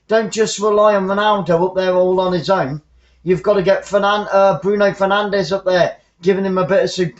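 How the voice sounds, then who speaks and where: A man calls a football match live for his fan channel, chatty and excitable as he follows the ball. His voice sits high for a man. The sound is roomy and a little dull, like a lo-fi home stream. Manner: chatty, excitable, reads out viewer comments. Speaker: fan commentator.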